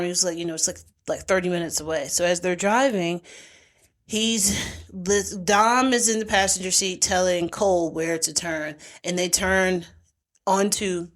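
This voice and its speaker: Recapping a TV episode on her podcast, this host uses a lowish voice at a moderate pace. The chat is casual, and she brings the story to life by performing the characters' quoted lines.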